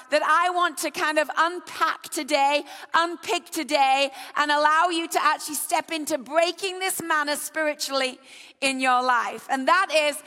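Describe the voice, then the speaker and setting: A woman preacher delivering an impassioned sermon that builds to shouts, in a church hall. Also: high voice. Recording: long reverb of a large hall.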